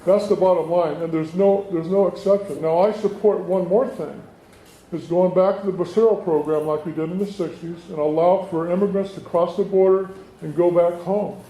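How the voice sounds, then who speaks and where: A man's voice: high voice, steady tone, normal speed, dark tone. A middle-aged man, a state assemblyman, giving a folksy town hall speech full of rhetorical questions to residents. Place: community meeting room. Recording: echoey room, faint background noise.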